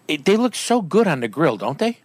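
A chatty male radio host on an outdoors show who talks with a lively, swinging pitch and laughs easily. He acts out the people in his stories. The sound is dry and close. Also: brisk, breathy edge, no room sound. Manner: animated storyteller, acts out quotes, laughs often. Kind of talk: casual radio interview.

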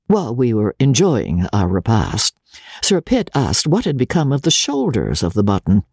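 Gravelly man reading a classic novel aloud. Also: medium pitch, huge pitch swings, normal speed, darkish tone, no echo, studio quality. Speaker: reader.

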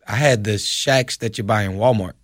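A man's voice: on the low side, moderate pace, no room sound, studio quality. A man co-hosting sports talk radio, chatty and agreeable, laughing along. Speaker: radio host. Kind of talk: casual sports radio chat.

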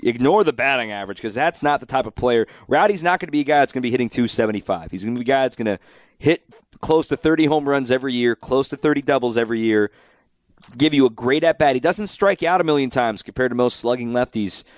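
A man hosting a sports talk radio show, talking through a baseball game in a steady, direct way. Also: mid-range voice, fast talker, no echo. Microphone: studio microphone.

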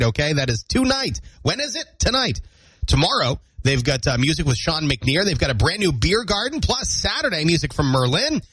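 A man's voice: fairly high pitch, fairly bright tone, husky, dry recording, poor audio. A man hosting a morning radio show, chatting playfully and joking between calls. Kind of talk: casual radio banter. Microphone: studio microphone.

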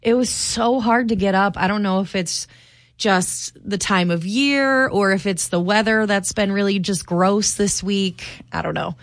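A woman's voice: medium pitch, unhurried, dry recording. Young woman, radio co-host, easygoing, giggly, dry sound. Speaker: radio morning show co-host. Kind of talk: casual radio banter.

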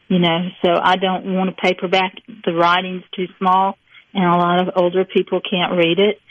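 An older woman from rural Mississippi, speaking with a Southern accent, chats folksily as an author guest in a casual interview, rambling and laughing often. Her voice is on the low side, and the recording is dry and dull.

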